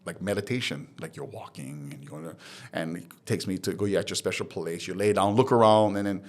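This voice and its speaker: A man from Hawaii with a fairly low voice, speaking as a guest on a podcast. He tells his story in a candid, lively way. When he quotes other people, he acts out their lines. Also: brisk. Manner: animated retelling, acts out quoted dialogue.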